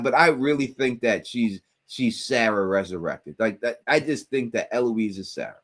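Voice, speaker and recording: Man, co-host, casual livestream chat, animated, repeats himself. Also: fairly low pitch, moderate pace. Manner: animated, repeats words when emphatic.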